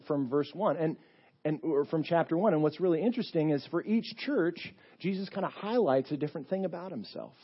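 Husky male pastor preaching conversationally. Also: a little high, highs cut off. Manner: conversational storytelling with fillers. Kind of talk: sermon. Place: church.

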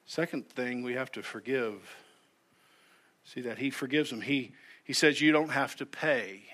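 A man's voice: medium pitch, unhurried, pushed and bright. A male pastor preaching a sermon in an earnest way, often repeating words as he starts a sentence. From United States.

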